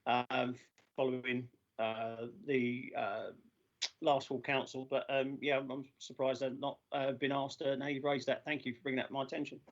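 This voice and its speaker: A man chairing a formal council meeting over a video call, halting with many filler sounds and losing his voice. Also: mid-range voice, little pitch movement. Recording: dull lo-fi video call audio.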